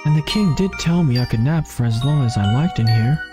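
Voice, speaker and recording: A sleepy, mild-mannered male bird professor, voiced by a streamer reading game lines, drifting through each word slowly. The voice sits in a middling register over soft background music. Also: mid-range voice, expressive, close to an everyday voice. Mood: drowsy. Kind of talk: reading game dialogue aloud.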